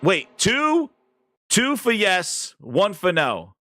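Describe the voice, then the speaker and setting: High, bright-voiced ranting male streamer. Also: huge pitch swings, slow pace, no room sound, studio quality. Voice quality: profane, mocking. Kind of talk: ranting game commentary.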